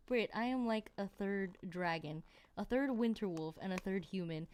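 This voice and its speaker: A woman streamer chatting casually with her viewers, telling stories in an animated, exclamatory way. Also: medium pitch, normal speed, smooth.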